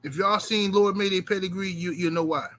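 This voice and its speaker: A high-pitched man talks fairly quickly while hosting a casual livestream and reading out viewer super chats. He's profane, emphatic and repetitive, swinging animatedly between loud outbursts and muttering.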